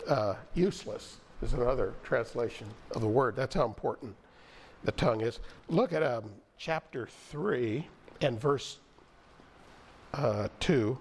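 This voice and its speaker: Measured male preacher reading scripture. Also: mid-range voice, husky. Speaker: pastor. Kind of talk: sermon.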